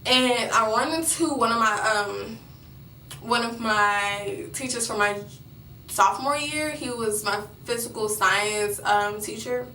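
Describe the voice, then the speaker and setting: A woman's voice: on the high side, slow pace, bright, forceful tone, echoey room, far from the mic, slight background noise, rough recording. A young woman vlogger telling a personal story in a rambling way, with many fillers and restarts.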